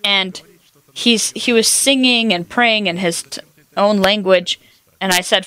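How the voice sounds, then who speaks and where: A woman's voice: medium pitch, unhurried, bright, forceful tone, clear, resonant tone, no echo. A woman preaching a sermon, telling personal stories and quoting scripture in an earnest way. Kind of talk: sermon teaching.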